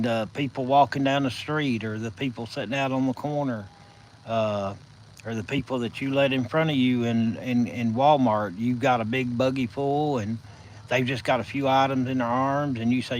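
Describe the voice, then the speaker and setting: A man with a Southern US accent hosting a casual live stream from his phone, telling stories in a folksy, drawn-out way. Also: mid-range voice, fairly even intonation, a little hiss or hum, low-quality recording. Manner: folksy, drawn-out storytelling with chuckles.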